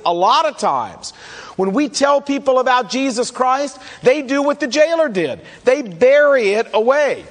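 A man's voice: very high voice, long reverb tail. A man preaching a sermon in a conversational way, acting out the questions his listeners might ask. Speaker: pastor.

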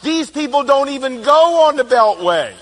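A middle-aged man giving a humorous, animated talk, telling family stories and acting out quotes. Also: very high voice, normal speed, slight background noise. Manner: animated storytelling, playful, acts out quotes. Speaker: speaker on personality types.

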